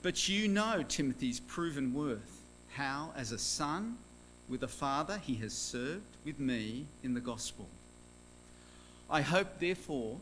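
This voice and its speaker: A man reading a Bible passage aloud in church, measured and solemn. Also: mid-range voice, a bit bright, slight background noise. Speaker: scripture reader.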